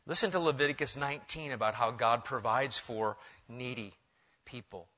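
A middle-aged male pastor preaching a sermon, animated, changing pitch and pace for emphasis. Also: normal speed. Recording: dull lo-fi sound.

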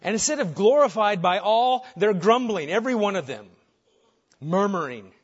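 A man's voice: high-pitched, moderate pace, slightly rough. Emphatic male preacher, lo-fi sound. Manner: emphatic preaching, dropping soft on key phrases and rising when animated. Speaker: pastor. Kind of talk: sermon.

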